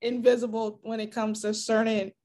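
Giggly high-voiced woman podcast host. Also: level tone, moderate pace, mellow. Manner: giggly, laughs often between words. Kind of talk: casual interview chat.

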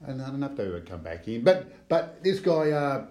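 An older Australian man rambles through stories in an easygoing way, often pausing on fillers. His voice sits at a middle pitch. The room gives his voice an echo. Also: sing-song, dark tone. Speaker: co-host. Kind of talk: casual chat show banter. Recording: roomy echo.

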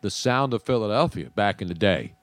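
A man's voice: lowish voice, sing-song, fairly quick. A man hosting a sports radio show, chatting and joking with his co-hosts and callers. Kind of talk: casual sports talk.

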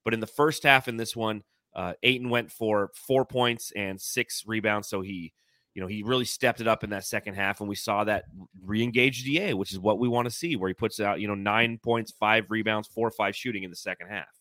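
A man's voice: lowish voice, brisk, no echo, clean studio sound. A young man co-hosting a casual sports podcast, rattling through stats and breaking down plays in a chatty way. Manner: chatty, stat-heavy, animated breakdowns. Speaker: podcast co-host.

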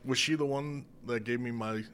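A middle-aged man co-hosting a casual podcast, laid-back and quick to joke and laugh. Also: mid-range voice, fairly even intonation, fairly bright tone, slight background noise. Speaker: podcast co-host. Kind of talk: casual chat.

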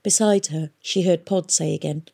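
A woman reading a novel aloud in a steady, measured storytelling manner. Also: deep voice, creaky, slightly rough. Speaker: audiobook reader. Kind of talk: audiobook narration.

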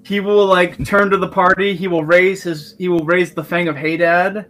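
A man's voice: sits high, fairly even intonation, moderate pace, a bit bright. A young man playing a tabletop game, theatrically describing his character's actions. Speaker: player.

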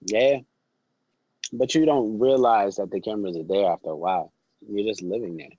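Guy guest on a podcast, really animated storyteller, dry close sound. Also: fairly low pitch, normal speed, slightly rough, no echo, lo-fi sound. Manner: animated storyteller who acts out quoted voices. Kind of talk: casual storytelling interview.

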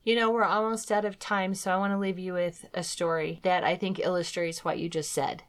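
A woman's voice: fairly low pitch, little pitch movement, a little fast. A middle-aged woman co-hosting a faith talk program, sharing a personal testimony in an earnest storytelling manner. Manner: earnest storytelling, acting out her own past words. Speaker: co-host of a Christian talk program.

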